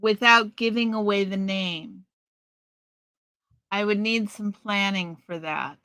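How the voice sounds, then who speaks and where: Slow-talking bright middle-aged woman host. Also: medium pitch, clean tone, no room sound. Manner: chatty, slow, rambling with restarts. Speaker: live stream host. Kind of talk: casual live stream chat, reading out viewer comments.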